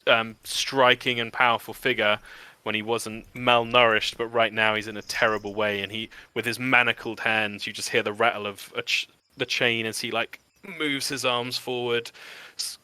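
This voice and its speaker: A man's voice: mid-range voice, sharp tone, smooth, no echo. A man narrating a tabletop game as game master, describing scenes with frequent ums.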